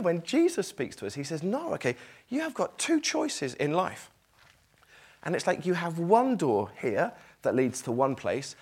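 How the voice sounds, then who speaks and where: A man's voice: on the high side, breathy edge. A middle-aged man preaching a sermon, reading scripture aloud and acting out its tone with emphasis.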